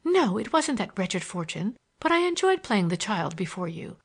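A woman reading a storybook, voicing an anxious young society girl who pleads in a hurried, soft way. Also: medium pitch, very animated, vocal fry, husky, full character voice. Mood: wistful. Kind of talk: audiobook character voice.

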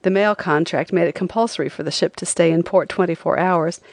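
A woman narrating a travel memoir as an audiobook, with an expressive reading. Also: lowish voice, a little fast, no room sound. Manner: expressive, lively delivery.

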